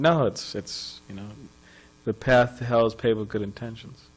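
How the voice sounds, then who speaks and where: A man's voice: fairly low pitch, fairly even intonation, a little fast, rough recording. A man giving a scripture class in a temple ashram, talking in a loose, conversational way with chuckles and asides.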